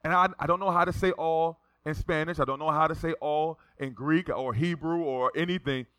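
A male pastor preaching a sermon, telling a story with lively delivery and acting out the people in it. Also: fairly high pitch, normal speed, clean tone, dry recording. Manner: animated, acts out the voices of people in his stories.

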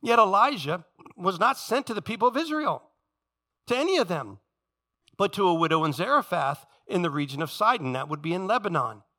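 A male pastor preaching a sermon in church, emphatic and building to loud exclamations. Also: high voice, very animated, brisk.

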